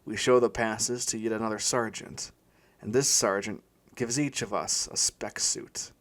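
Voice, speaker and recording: A man's voice: on the low side, fairly even intonation, measured pace, fairly bright tone. A man reading a first-person story aloud in a weary, wry voice. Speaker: audiobook narrator.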